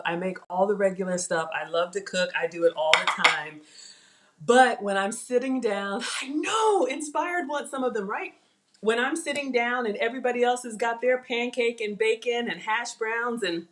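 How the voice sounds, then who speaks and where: Chatty, excitable woman vlogging. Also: a little high, moderate pace. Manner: chatty, excitable, talks straight to viewers. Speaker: cooking vlogger. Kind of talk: live cooking demonstration chat. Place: home kitchen.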